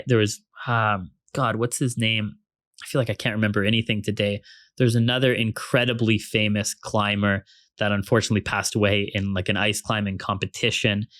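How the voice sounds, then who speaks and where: A young man from Canada telling an ice-climbing story in a casual, excitable, rambling way, full of fillers and restarts. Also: on the low side, no room sound, studio quality.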